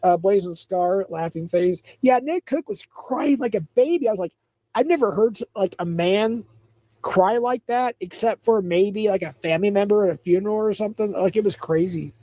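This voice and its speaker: Man, high-pitched, mellow tone, dry close sound, rambling livestream chat. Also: moderate pace, dry recording. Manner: rambling, reads chat aloud, laughs often. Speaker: livestream host.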